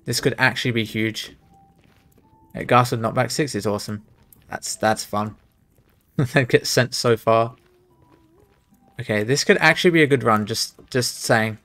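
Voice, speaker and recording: A man's voice: medium pitch, a little slow, long pauses, fairly bright tone, faint music behind. Muttering young man streaming a speedrun. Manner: self-talking, muttering and exclaiming. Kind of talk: live commentary while speedrunning a game.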